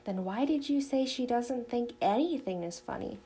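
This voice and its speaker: A woman voicing a literal-minded young boy who talks in a flat, matter-of-fact way in a storybook reading. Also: on the high side, normal speed, husky. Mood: puzzled.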